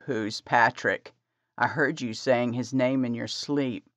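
A woman voicing a low, gentle husband. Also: fairly even intonation, takes it slowly, no echo. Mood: soothing. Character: tender protective adult husband. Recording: dry, slightly dull audio.

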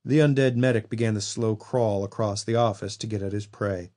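A man reading a horror novel aloud as an audiobook narrator, in steady storytelling. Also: fairly low pitch, fairly quick. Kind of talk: scripted narration.

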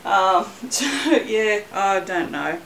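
A woman's voice: mid-range voice, slow, fairly bright tone, slight background noise, low-quality recording. A woman talking casually in a rambling, self-mocking way while making soap for her channel, with a bit of light swearing. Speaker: soap maker vlogger. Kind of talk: casual chatty vlog.

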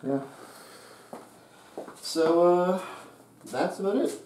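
A man's voice: high-pitched, drawn-out words, a little mellow. Joking man in an echoey room. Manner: joking, swears casually, exaggerated complaints. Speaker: co-host unboxing a computer. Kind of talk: casual chat. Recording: echoey room with faint noise.

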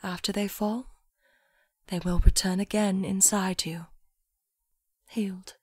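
A calm, murmuring young man guides her with soft, near-whispered words, as a woman reads him in a storybook. His delivery is slow and unhurried, and the recording sounds close and dry with no room around it. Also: mid-range voice, breathy edge, no room sound. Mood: gentle. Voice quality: murmuring, thick unplaced accent. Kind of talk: audiobook story reading.

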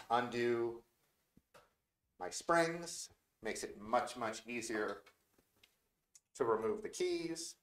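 A man working as a repair technician, demonstrating step by step in a relaxed, joking way while he works with his hands. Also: mid-range voice, reverberant. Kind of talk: live instructional demo with banter.

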